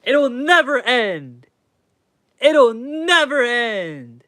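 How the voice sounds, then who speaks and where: A man putting on an Indian accent, drawling a dreamy line slowly and high. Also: big pitch swings, sharp tone, dry recording, clean studio sound, full character voice. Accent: put-on Indian accent. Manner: drawn-out, slow and high.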